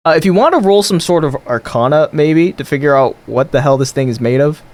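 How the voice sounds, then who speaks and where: A man's voice: fairly high pitch, lively intonation, brisk, a little mellow. A man narrating as game master in loose, laughing speech with many fillers.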